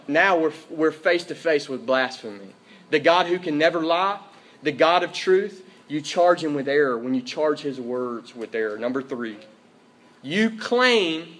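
Pastor guy preaching at church, kinda high voice, hammers his points over and over. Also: fairly bright tone. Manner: emphatic, repeats key phrases, checks in with "Okay?". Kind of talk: sermon. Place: church service.

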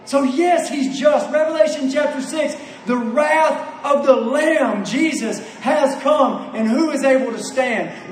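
A man's voice: extremely high pitch, echoey room, far from the mic, a little hiss or hum, poor audio. A man preaching a sermon with passion, asking rhetorical questions and repeating phrases for emphasis.

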